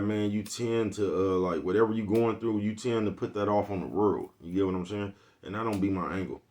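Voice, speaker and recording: Brief: deep-voiced male streamer, slangy and casual, constantly checks in with his viewers. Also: a little mellow. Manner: streetwise slang, keeps asking "you know what I'm talking about". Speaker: livestream vlogger. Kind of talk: casual livestream rant.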